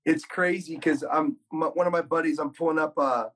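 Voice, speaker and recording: Husky, enthusiastic podcast host man. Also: on the high side, fairly even intonation, fairly quick, a bit bright, rough recording. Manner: enthusiastic, affirming. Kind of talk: casual chat.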